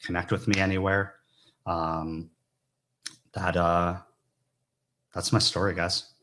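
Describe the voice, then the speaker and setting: A man's voice: sits low, little pitch movement, slow pace, pushed and bright. A man giving an earnest, confessional talk to a conference audience, often checking in with "right?". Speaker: conference speaker. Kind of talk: personal story talk to an audience.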